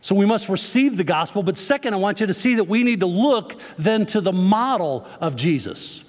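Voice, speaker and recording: His voice sitting high with lively intonation, a pastor preaches at a moderate pace. The sermon is conversational, with questions aimed at the congregation, recorded with long reverb in the church sanctuary.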